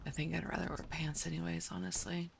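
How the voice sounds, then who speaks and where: A woman's voice: lowish voice, flat delivery, fast talker, creaky, noisy background. A woman live-streaming in casual chat with her viewers, groggy, her morning voice cracking, chatty and self-deprecating.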